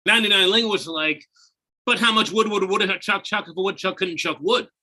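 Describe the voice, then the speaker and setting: Male improv player, sharp bright tone, offhand delivery. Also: high voice, fairly quick. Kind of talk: casual joke telling.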